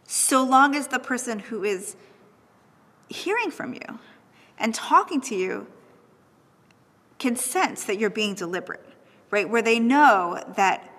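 A young adult woman lecturing on texts, thoughtful and animated, often checking in with "right?". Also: a little high, slow, long pauses, breathy edge, long reverb tail.

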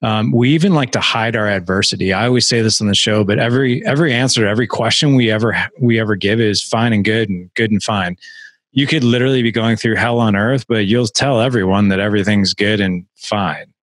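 A male podcast host speaking in an emotional, halting way, with many restarts. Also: lowish voice, a bit bright, dry recording. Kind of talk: podcast interview.

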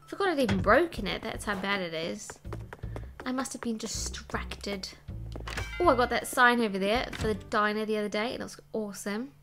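A woman chatting playfully while she plays a game and thinks out loud, with game music behind. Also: medium pitch, expressive, normal speed. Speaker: let's play host. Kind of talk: casual gameplay commentary.

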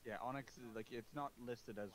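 A man playing in a tabletop game, talking in a relaxed, matter-of-fact way. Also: mid-range voice, brisk. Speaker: player. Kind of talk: casual chat during a tabletop game.

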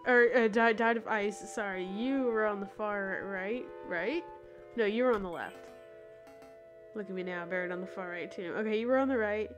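A woman's voice: medium pitch, moderate pace, dull audio, over music. A young woman live-streaming a game, giggling often, rambling, and reading the game text aloud.

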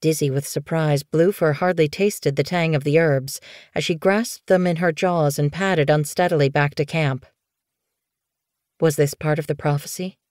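A woman narrating an audiobook in a steady, measured storytelling voice. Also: deep voice, no room sound, studio quality.

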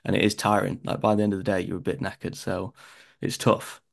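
A young man from northern England with a Northern English accent, an actor chatting in an interview and telling stories in a lively way. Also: deep voice, fairly quick, gravelly. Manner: chatty, animated storytelling. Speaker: actor guest. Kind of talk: casual interview chat.

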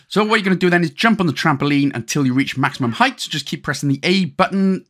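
A man's voice: fairly high pitch, fast, hardly any pauses, a bit bright. A man with a Welsh accent giving a chatty gameplay walkthrough commentary, full of joking asides and casual slang. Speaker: gaming guide host.

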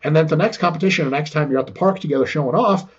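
A man's voice: on the high side, racing, husky, muffled recording. A man as a podcast guest who talks about training, swearing freely and acting out little dialogues. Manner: profane, acts out little dialogues. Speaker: podcast guest, sport scientist. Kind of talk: animated podcast conversation.

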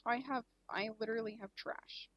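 Young woman streamer, bubbly and gushing, high breathy voice, casual chat. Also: fairly even intonation, moderate pace, muffled recording. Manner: giggly, gushing, lots of "like" and "literally". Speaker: game streamer.

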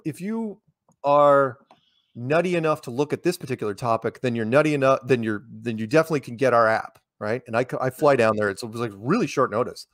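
American man, mid-pitched voice, rambling anecdotes, lots of restarts, dry sound. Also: dry recording. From United States. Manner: rambling, many restarts and repeated words. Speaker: interviewee. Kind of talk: casual conversational storytelling.

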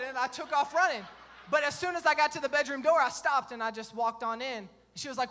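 A man's voice: very high voice, fast, sharp tone. A young man, preaching a sermon, telling a self-mocking story and acting out the dialogue. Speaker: pastor. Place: church sanctuary with a congregation. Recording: long reverb of a church hall.

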